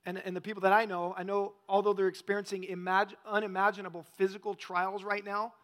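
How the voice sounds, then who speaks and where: A man's voice: high-pitched, level tone, fast talker, fairly bright tone. A male pastor preaching a conversational sermon, often asking the congregation questions.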